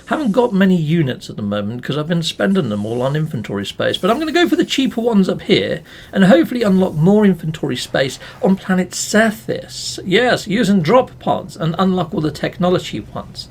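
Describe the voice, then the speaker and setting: A man's voice: sits high, big pitch swings, a little fast. A man giving playful, chatty commentary as he plays a video game, with mild swearing, talking to his viewers. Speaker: let's play gamer.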